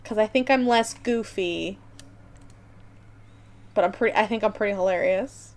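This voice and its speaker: A woman hosting a casual personality quiz, playful and quick to laugh, reading options off a list. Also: medium pitch. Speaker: host running a personality quiz. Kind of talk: casual chat.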